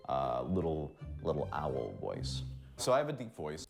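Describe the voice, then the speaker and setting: A man's voice: a bass voice, normal speed, vocal fry, faint music behind. A man who is a voice actor, explaining in an interview how he makes character voices, and acting out bits of them as he goes. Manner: animated, demonstrates voices as he explains.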